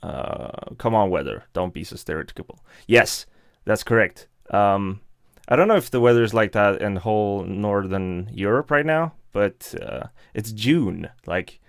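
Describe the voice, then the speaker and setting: A man's voice: fairly low pitch, expressive, measured pace, no room sound, clean studio sound. A young man, chatting casually and laughing often as he reads out and answers live chat. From Sweden.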